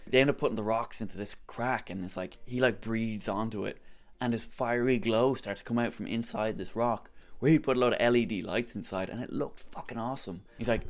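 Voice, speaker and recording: An Irish man vlogging a casual, excitable recap story, swearing freely and peppering his speech with "like". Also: medium pitch, quick pace, soft background music. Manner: excitable, swearing, lots of likes.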